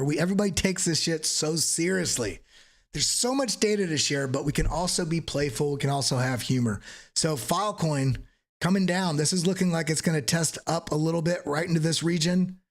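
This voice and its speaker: A man hosting a live crypto trading stream, joking and energetic as he walks through charts, swearing casually now and then. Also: on the high side, a little fast. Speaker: crypto trading channel host.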